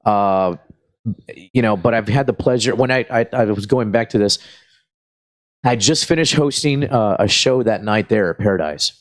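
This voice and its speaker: A comedian from spins long stories, cursing freely and slipping into quick impressions of the people in them. His voice sits a little low, and he keeps an easy, rambling pace. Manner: profane, rambling, animated retelling. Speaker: guest comedian. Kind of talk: casual storytelling.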